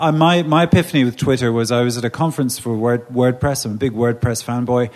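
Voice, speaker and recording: A man from England speaking on a conference panel, animated and conversational, often restarting his sentences. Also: mid-range voice. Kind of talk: panel discussion.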